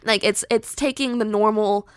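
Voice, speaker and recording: A young woman podcast host casually pitching a horror story, chatty and animated with lots of filler words. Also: moderate pace, clean tone, dry recording, clean studio sound.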